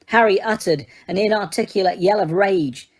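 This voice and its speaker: Woman reading a fantasy audiobook, steady dramatic storytelling, middle pitch. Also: normal speed. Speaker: audiobook reader. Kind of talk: audiobook narration.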